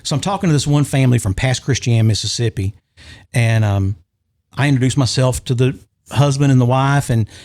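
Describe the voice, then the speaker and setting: A man's voice: medium pitch, darkish tone. A man telling an emotional story in a casual podcast chat, with frequent restarts. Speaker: podcast guest.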